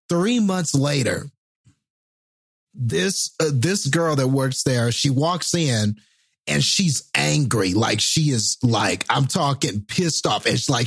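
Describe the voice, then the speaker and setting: A relaxed man recounting a funny story on a podcast, his voice a little husky. He hesitates with ums and laughs as he tells it. The recording is close and dry. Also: mid-range voice, dry recording. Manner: laid-back, hesitant with fillers, laughs while telling. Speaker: podcast co-host. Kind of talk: casual storytelling chat.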